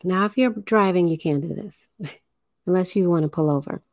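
A woman hosting a spiritual livestream, speaking deliberately, enunciating carefully and guiding listeners through breathing. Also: fairly low pitch, darkish tone, dry recording, clean studio sound. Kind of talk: slow spiritual livestream talk.

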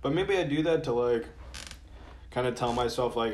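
A man's voice: medium pitch, steady tone, moderate pace, a little mellow, slight background noise. A man talking casually in a rambling, profane monologue, full of fillers and restarts, his throat sore and dry from a cold. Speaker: podcast host.

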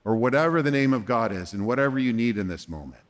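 A man speaking to a conference audience as a therapist, conversational and gentle, acting out short dialogues in quoted lines. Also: mid-range voice, lively intonation, fast talker. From United States. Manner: gentle, reassuring when voicing the counselor. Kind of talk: conference talk.

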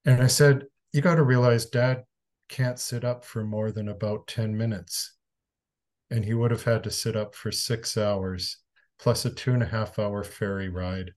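A Canadian man with a lowish voice appears as an interview guest, telling a personal story. He speaks frankly and conversationally, swearing casually and shifting between calm and emphatic.

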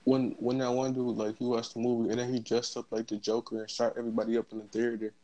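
Dude chatting casual, lots of "like" and "um", dry mic sound. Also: male voice, mid-range voice, flat delivery, quick pace, warm tone, no echo, low-quality recording. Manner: loose, slangy, hesitant with fillers. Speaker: podcast participant. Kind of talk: casual group chat.

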